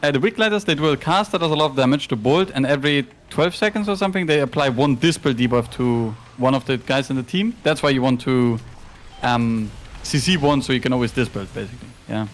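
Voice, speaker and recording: A man coaching a gamer in casual chat, explaining mechanics in a halting way with many restarts. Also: medium pitch. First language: German. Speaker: game coach.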